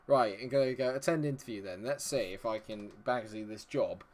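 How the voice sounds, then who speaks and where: A man with a medium-pitched, darkish voice live-streams a game, speaking a little fast. He chats with his viewers and mutters to himself while checking settings.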